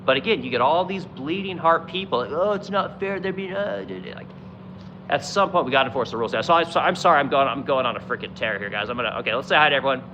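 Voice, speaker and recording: Profane, exasperated livestream host, lively pitch. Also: male voice, rapid-fire, highs cut off, background noise. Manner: profane, exasperated ranting with mocking quoted voices. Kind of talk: ranting political livestream commentary.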